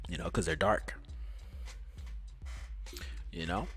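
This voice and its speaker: Animated, bright-voiced male streamer. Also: lowish voice, a little slow, pauses often, breathy edge, soft background music. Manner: animated, profane, rambling. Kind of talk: casual storytime livestream.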